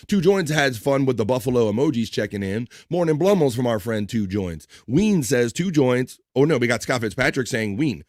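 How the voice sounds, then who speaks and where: A man's voice: medium pitch, dry recording, clean studio sound. A man hosting a livestream, reading out and teasing chat comments in a hyped, joking way. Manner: hyped, teasing, quick shout-outs. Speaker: livestream host.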